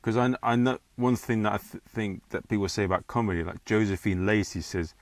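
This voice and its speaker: A man's voice: lowish voice, steady tone, brisk, dry recording. A man hosting a podcast, asking long, meandering interview questions. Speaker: podcast host.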